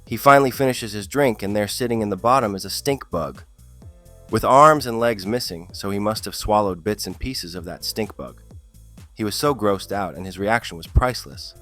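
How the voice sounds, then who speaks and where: A man's voice: fairly low pitch, normal speed, a bit bright, soft background music. A man narrating funny stories in a scripted style, with a dry comic delivery that lifts on the punchlines. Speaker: storyteller.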